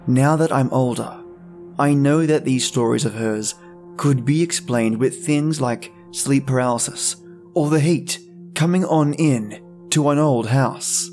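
A man hosting a podcast, narrating horror stories in a measured, dramatic reading. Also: medium pitch. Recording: soft music bed.

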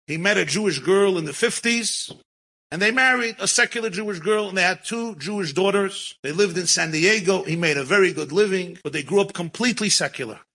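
Man, storytelling talk, animated, husky, slightly high voice. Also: brisk, low-quality recording. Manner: animated, mixes Yiddish and Hebrew words into English. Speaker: rabbi and storyteller.

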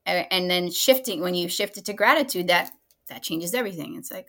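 Woman podcast host, lower register, crisp bright tone, casual and reflective. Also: a little fast. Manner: reflective, laughs lightly while making her points. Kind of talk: casual conversational interview.

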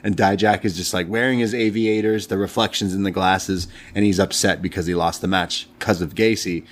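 A man's voice: deep voice, fairly even intonation, fairly quick. A young man co-hosting a review show in casual chat, talking loosely, retelling scenes and laughing often. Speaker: podcast co-host.

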